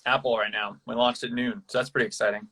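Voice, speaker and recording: A laid-back man in his thirties co-hosts a live online chat and reads out viewer questions. He talks casually, with slang and a joking tone. His pitch is ordinary and mid-range. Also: flat delivery, fast talker, pushed and bright.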